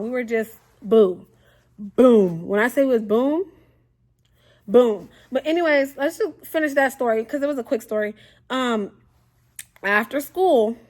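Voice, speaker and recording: A young woman tells a story to camera in a casual, animated way. Her voice sits high, and she keeps slipping into the voices of the people in her story. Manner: animated, acts out quotes, frequent fillers.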